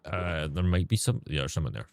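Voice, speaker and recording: Low-voiced Scottish man streaming. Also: a little fast, noisy background. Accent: Scottish, toned down. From Scotland. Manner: chatty, thanks viewers, swears casually. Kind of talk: casual livestream chat while gaming.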